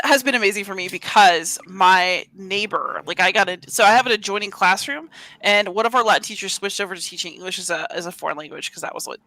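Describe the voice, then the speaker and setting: A woman's voice: medium pitch, sharp tone, dry recording, poor audio. A woman who teaches and designs board games, a guest chatting casually and enthusiastically. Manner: quick, enthusiastic talker. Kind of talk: casual chat.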